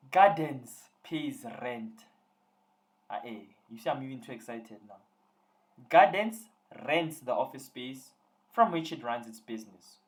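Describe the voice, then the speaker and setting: A man's voice: mid-range voice, lively intonation, a little slow. A young man tutoring students on a live online call, teasing and joking with them as he works through examples.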